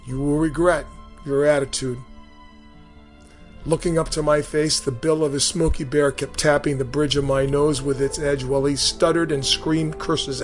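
A man narrating his own experience in a measured, vivid first-person telling. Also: on the high side. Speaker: storyteller recalling boot camp. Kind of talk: storytelling narration.

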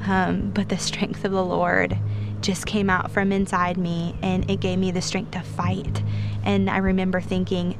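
A woman earnestly retelling a personal ordeal as a guest, speaking with faith and frequent pauses. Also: medium pitch, flat delivery, creaky, over music. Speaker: guest storyteller. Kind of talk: personal testimony. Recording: noisy recording.

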